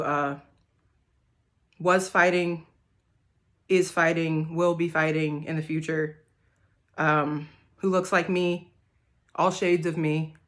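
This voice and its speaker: A woman singer-songwriter talking casually to the camera, soft-spoken and rambling, with many hesitant fillers. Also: on the low side.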